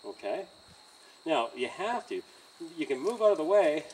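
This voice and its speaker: A calm man coaching horse handling, his slightly raised voice rising and falling a lot. He is caught by a distant mic outdoors, with faint insects chirping behind him. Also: a little high, normal speed, a little hiss or hum. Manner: calm, coaching, with frequent okays and chuckles. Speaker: horse trainer. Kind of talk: hands-on training demonstration.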